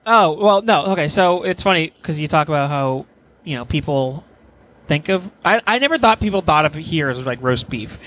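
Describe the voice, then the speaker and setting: A man's voice: on the high side, expressive, moderate pace, fairly bright tone, slight background noise. A man co-hosting a podcast, rambling and teasing, with casual swearing. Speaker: podcast co-host. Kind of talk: casual chat.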